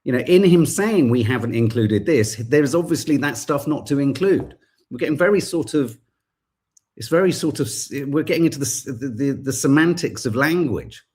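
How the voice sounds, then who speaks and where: A man's voice: mid-range voice, lively intonation, normal speed, darkish tone, slightly rough. A man hosting a podcast, giving impassioned, indignant political commentary and swearing now and then. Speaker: podcast host.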